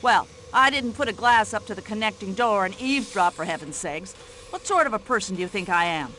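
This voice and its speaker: An actress playing a brash, nosy older American widow with an American accent, fussing and complaining in a game. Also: female voice, mid-range voice, animated, brisk, sharp tone, a little hiss or hum. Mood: indignant. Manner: indignant, nosy, fussy complaining chatter. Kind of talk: video game voice acting.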